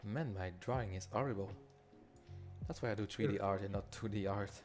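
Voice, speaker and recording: A man's voice: fairly low pitch, faint music behind. Quebec French man thinking aloud. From Quebec, Canada. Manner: halting, thinks aloud with restarts. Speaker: developer leading a builder session. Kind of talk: live coding walkthrough.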